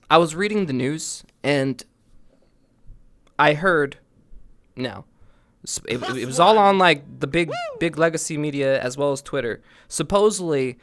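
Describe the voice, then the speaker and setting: A man's voice: mid-range voice, fairly bright tone, clean tone. A young man chatting casually on a live stream, joking loosely and swearing freely.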